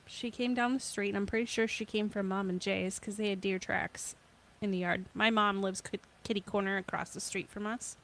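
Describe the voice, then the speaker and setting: A woman's voice: mid-range voice, steady tone, normal speed, hardly any pauses, a bit bright. A woman co-hosting a casual home podcast, telling rambling, chatty stories. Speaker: podcast co-host.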